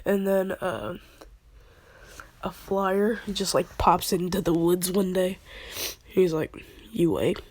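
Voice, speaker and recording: A woman tells a made-up fan story in a loose, slangy way and breaks into laughs often. Her voice is husky and fairly low, and she talks slowly. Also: fairly even intonation, a little mellow. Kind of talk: casual fan-fiction storytelling.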